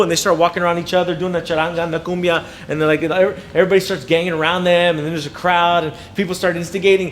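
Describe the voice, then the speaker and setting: A man giving an inspirational talk to teachers, animated and acting out students' voices. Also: high voice, quick pace, few pauses, a little hiss or hum. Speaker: inspirational speaker.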